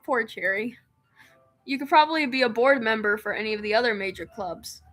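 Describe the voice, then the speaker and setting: A woman's voice: fairly high pitch, a little fast, a bit bright, soft background music. A woman streamer reading a visual novel aloud, narrating in first person and breaking off into giggly, self-mocking asides.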